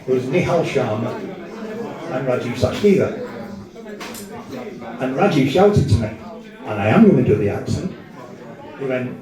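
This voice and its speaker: A man's voice: mid-range voice, animated, unhurried, long pauses, crowd noise. A man doing a crude, rambling, self-mocking stand-up set in a comedy club. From Wolverhampton. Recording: echoey room, far from mic.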